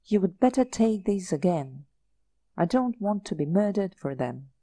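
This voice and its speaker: A woman's voice: mid-range voice, sing-song, normal speed, dark tone, no room sound. A woman reading the part of an impulsive, thrill-seeking young society lady, in a coaxing, breathless manner. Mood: restless.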